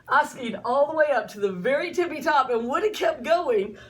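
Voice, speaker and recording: High-voiced woman teacher telling a story. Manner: animated, dramatic storytelling with sound effects. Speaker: science teacher. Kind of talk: storytelling lesson.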